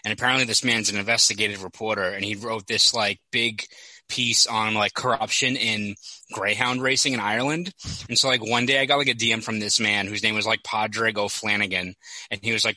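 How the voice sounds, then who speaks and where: Bright, quick-talking young man on a podcast. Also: lowish voice, steady tone, dry recording, rough recording. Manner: chatty storyteller, quick asides. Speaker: hockey reporter. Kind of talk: casual podcast chat.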